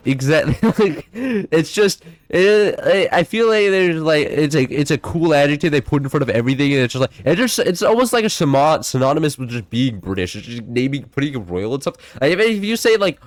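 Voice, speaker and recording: A man's voice: fairly high pitch, sing-song, normal speed, no echo. A young man chatting casually while streaming a game, rambling and sarcastic, often stumbling and repeating words. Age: young adult. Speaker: gaming streamer.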